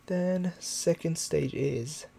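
A young man from the UK chatting casually and quietly with viewers during a game live stream, recorded on a desktop microphone at home. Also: on the high side, very slow, vocal fry, husky. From United Kingdom. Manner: talks quietly to keep from waking neighbors at night. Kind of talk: casual live-stream chat while playing. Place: room at home, early morning. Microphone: desktop USB microphone.

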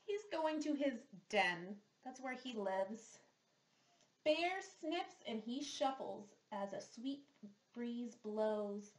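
Woman therapist for a kids' read-aloud, slow and deliberate, exaggerates each sound for little listeners, roomy echo. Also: high voice, lively intonation. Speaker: children's therapist. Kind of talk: reading a picture book aloud to young children.

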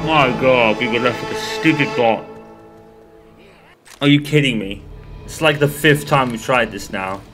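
A man's voice: mid-range voice, unhurried, long pauses, loud music behind the voice. A young man giving live commentary over a co-op zombie game, exasperated and swearing often. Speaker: gaming channel host.

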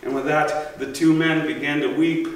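A man telling a story in a solo stage performance, musing and reflective, with halting pauses. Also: on the high side, fairly even intonation, slight background noise. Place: empty theater stage. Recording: echoey theater, mic far off.

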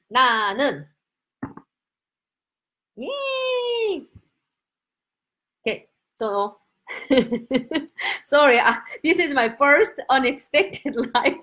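A woman from Korea with a Korean accent, a Korean teacher giving a casual, excitable and spontaneous live-stream lesson. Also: a little high. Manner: excitable, laughing, chatty and spontaneous.

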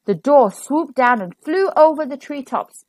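A woman reading a children's storybook aloud in an expressive, animated way. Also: high voice, unhurried, dry recording.

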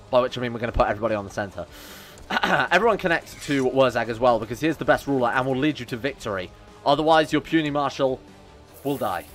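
A man narrating his live gameplay stream in a casual, animated way. He jokes, swears freely and keeps answering his chat while he plays. Faint music plays underneath him. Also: mid-range voice.

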